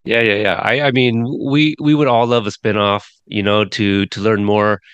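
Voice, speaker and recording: Male host, low and smooth, measured questions, dry recording. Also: steady tone, a bit bright, no echo, dull audio. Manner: measured, hesitant with restarts. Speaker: interviewer host. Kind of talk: interview questions.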